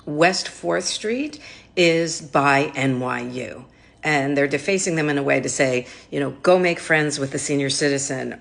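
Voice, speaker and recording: Woman marketing commentator, low voice, skeptical and chatty. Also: gravelly. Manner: skeptical, conversational. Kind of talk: casual commentary to camera.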